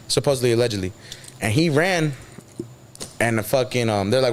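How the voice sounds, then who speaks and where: He speaks at a fairly quick clip with a medium pitch and frequent pauses, over a slight hiss or hum. The man, a guest from San Diego, tells a casual story in an interview, full of slang and swearing, acting out the quotes.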